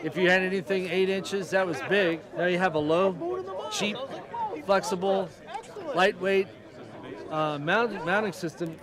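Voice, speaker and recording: A man's voice: high voice, animated, measured pace, pauses often, a crowd in the background. A man, an amateur astronomer, explaining telescopes with growing enthusiasm in an outdoor interview.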